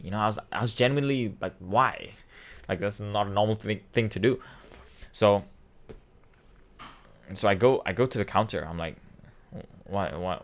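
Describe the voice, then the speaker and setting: A man in his twenties, a vlogger, telling a personal story in a rambling, emotional way with many restarts, choked up and near tears. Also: on the low side. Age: 20s. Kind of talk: casual storytelling.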